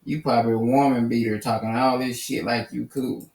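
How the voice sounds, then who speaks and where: Combative channel host, profane and preachy, sounds off-mic in an echoey room. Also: male voice, medium pitch, flat delivery, brisk, a little mellow. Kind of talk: angry commentary rant. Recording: roomy echo, mic at a distance.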